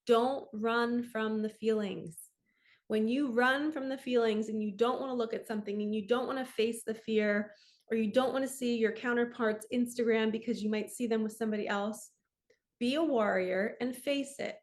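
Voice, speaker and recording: A woman's voice: fairly high pitch, fairly even intonation, normal speed. A young adult woman giving an earnest motivational talk as a spiritual coach, often speaking out imagined inner dialogue.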